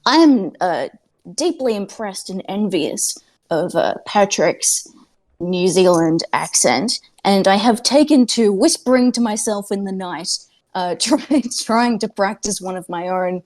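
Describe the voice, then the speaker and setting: A woman's voice: mid-range voice, expressive, unhurried, darkish tone. A woman at home talks casually on a tabletop game podcast. She takes her time and wanders from point to point. She teases herself and leans on plenty of fillers. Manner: rambling and self-mocking, full of fillers. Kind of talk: casual chat. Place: at home with cats nearby.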